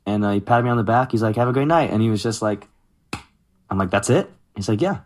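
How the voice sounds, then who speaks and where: In a casual interview, a man in his thirties with a lowish voice talks fast while recounting stories from his music career. He's animated, acting out what other people said and quoting them in lively voices.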